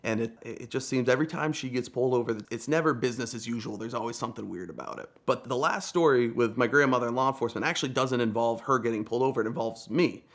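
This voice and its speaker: A man's voice: medium pitch, fast talker, hardly any pauses, a bit bright. A young man from Vermont telling a casual, chatty, self-deprecating story as a guest storyteller.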